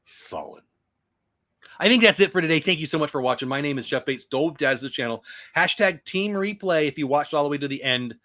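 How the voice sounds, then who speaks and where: A man's voice: fairly high pitch, animated, fairly quick, a bit bright, no room sound. A middle-aged man hosting a casual morning news show, rambling through long lists and joking about his own pronunciation. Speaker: show host.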